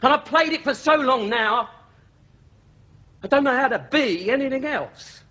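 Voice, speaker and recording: Del Boy, a husky London trader. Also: extremely high pitch, lively intonation, moderate pace, pushed and bright, exaggerated voice. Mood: bitter. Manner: cocky banter turning to gruff anguish. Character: brash middle-aged male London trader breaking down. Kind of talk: TV sitcom drama.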